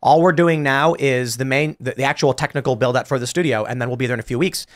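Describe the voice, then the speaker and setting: A man hosting a podcast panel, arguing points in an animated, storytelling way with frequent restarts. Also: mid-range voice, fast. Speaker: podcast host. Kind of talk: casual panel debate.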